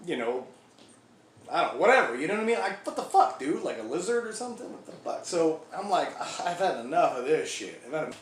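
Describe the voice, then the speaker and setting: An actor playing a crude, foul-mouthed male biker gang member who rambles through a comic monologue in an echoey room. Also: fairly high pitch. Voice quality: profane, rambling storyteller. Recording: echoey room, faint background hiss.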